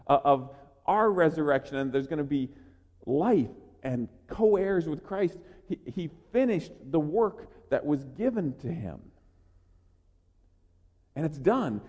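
A man preaching a sermon as a pastor, energetic and earnest, often repeating words as he builds. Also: sits high. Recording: long reverb of a large hall.

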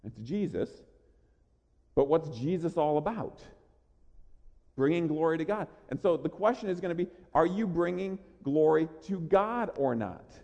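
A man preaching a sermon with an earnest, emphatic delivery, slowing down to stress key lines. His voice sits a bit high but sounds mellow. The sound rings with a long reverb from a church sanctuary. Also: expressive, creaky, dull audio. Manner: earnest preaching, emphatic slowed key lines, repeats words when starting. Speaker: pastor. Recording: long reverb of a large hall.

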